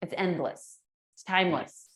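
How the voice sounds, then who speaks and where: A middle-aged woman, a guest entrepreneur and speaker, talking in an energetic, animated way and acting out the voices in her stories. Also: fairly low pitch, normal speed. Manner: energetic, animated storyteller who acts out quotes. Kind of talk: casual interview chat. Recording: echoey room.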